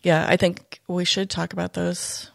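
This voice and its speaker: A woman, a retired police dog handler, talking reflectively in a casual podcast conversation, pausing often. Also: on the low side, level tone, gravelly, dry recording, clean studio sound. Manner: reflective, soft-spoken, many pauses and fillers.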